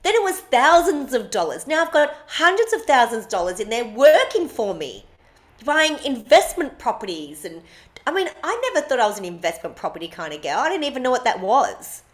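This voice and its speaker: A woman's voice: a little high, very animated, fairly quick. Blunt, swearing woman storyteller. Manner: blunt, emphatic, swears freely. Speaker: podcast co-host. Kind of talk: casual chat, personal storytelling.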